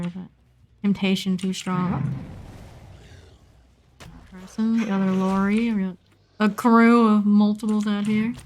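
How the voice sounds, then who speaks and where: While playing a game, this streamer chats casually to herself with playful asides and the occasional burst of excited squealing. Her voice is mid-range, and there's slight background noise.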